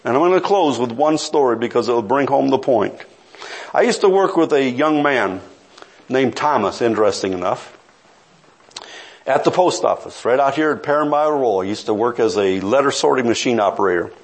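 A man's voice: mid-range voice, lively intonation, normal speed. A middle-aged man preaching a sermon, telling a story with earnest, pleading intensity.

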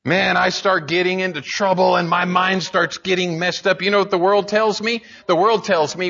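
A man preaching with earnest, building emphasis, stumbling and restarting now and then. His voice sits a bit high and sounds bright, and the recording is dull and lo-fi. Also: steady tone, normal speed, vocal fry, hardly any pauses. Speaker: pastor. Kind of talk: sermon.

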